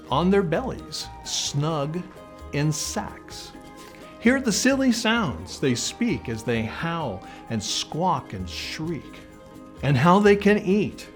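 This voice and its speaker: A man reading a rhyming picture book aloud to children in a sing-song way. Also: on the high side. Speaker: library storyteller.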